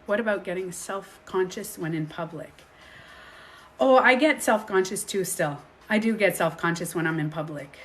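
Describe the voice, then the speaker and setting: A woman speaking as a healing coach in a casual coaching talk to viewers, animated and acting out inner voices, reading and answering viewer questions. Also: fairly low pitch, moderate pace.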